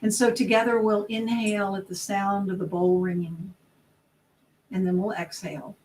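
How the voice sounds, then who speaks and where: A service leader calmly guiding a breathing meditation. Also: mid-range voice, low-quality recording. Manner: calm, slow, soothing guidance.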